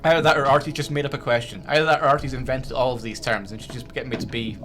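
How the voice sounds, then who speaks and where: A man's voice: mid-range voice, fairly even intonation, very fast, a bit bright. A man hosting a quiz game on a livestream, teasing and jokey, stumbling over his words as he talks. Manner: teasing and jokey, with many stammered restarts. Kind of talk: playful casual quiz hosting.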